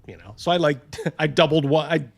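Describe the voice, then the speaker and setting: A man's voice: a little high, fairly quick, vocal fry. A middle-aged man hosting a casual chat, telling stories animatedly and acting out other people's voices. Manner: animated storyteller, acts out voices. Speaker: host.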